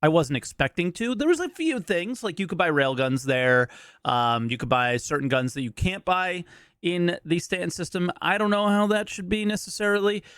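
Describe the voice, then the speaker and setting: A man's voice: sits high, lively intonation, moderate pace, fairly bright tone, clean tone, no room sound, studio quality. A man giving casual reaction commentary as a streamer, blunt and skeptical, pushing back on what he hears.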